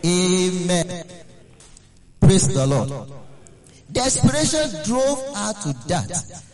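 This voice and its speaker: A man delivers a sermon in a high, swooping voice. He speaks slowly and pauses to restart. He repeats key phrases for emphasis. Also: very animated, darkish tone. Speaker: preacher.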